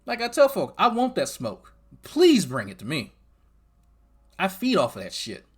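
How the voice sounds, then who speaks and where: A man's voice: sits high, wildly swooping pitch, a little slow, slightly rough. A man hosting reaction commentary, swearing and mocking as he talks straight at the person in the clip. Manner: profane, mocking, talks straight at the clip's subject. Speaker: commentary channel host.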